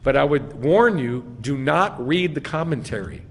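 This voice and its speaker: A man's voice: fairly high pitch, expressive, moderate pace. A man, a rabbi giving a sermon, who quizzes his congregation and answers his own questions with emphatic stress. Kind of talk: sermon teaching. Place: synagogue sanctuary. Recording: long reverb in a hall.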